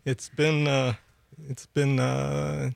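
A man with a gravelly, creaky edge in his voice talks loosely into a studio mic, padding his stories with "uh" and easy laughter. The sound is close and dry, with no room around it. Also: medium pitch, flat delivery, extremely slow, no room sound. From Milwaukee, USA. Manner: chatty storyteller, laughs often, many fillers. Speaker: bass player guest. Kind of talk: casual radio interview chat. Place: radio studio. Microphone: studio microphone.

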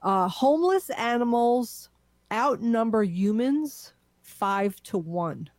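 A woman's voice: on the high side, expressive, takes it slowly, a little mellow, dry recording. A woman guest on a radio show, talking about animal causes in a friendly, conversational way with easy laughs. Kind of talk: casual radio chat.

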